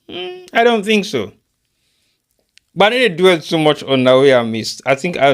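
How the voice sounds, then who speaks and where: A man's voice: a little high, clear, resonant tone. A man from Sierra Leone with a Krio-inflected accent, hosting a live online show and giving rhetorical commentary that mixes English and Krio. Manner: rhetorical, repeats catchphrases, asks listeners questions.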